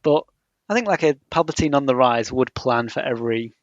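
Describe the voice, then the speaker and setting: A man's voice: mid-range voice, animated, fairly quick, no echo, lo-fi sound. A man co-hosting a podcast, chatting casually about a film and riffing on absurd jokes. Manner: joking, riffs on absurd ideas. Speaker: podcast co-host.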